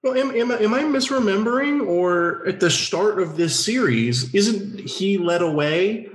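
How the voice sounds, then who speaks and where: A man's voice: high-pitched, animated, unhurried. A man co-hosting a podcast in casual chat, joking and wry, often stumbling over his opening words. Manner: joking, wry, hesitant starts. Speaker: podcast co-host. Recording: roomy echo.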